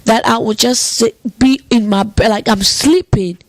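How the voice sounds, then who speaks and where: A woman's voice: fairly high pitch, measured pace, no echo. A woman in casual podcast chat, speaking earnestly and affirming her guest often. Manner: earnest, frequent affirming responses.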